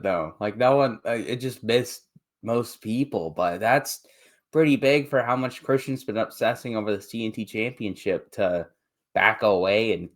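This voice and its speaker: A man co-hosting a podcast, chatting and speculating casually with many "like" fillers. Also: on the low side. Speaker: podcast co-host. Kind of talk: casual chat.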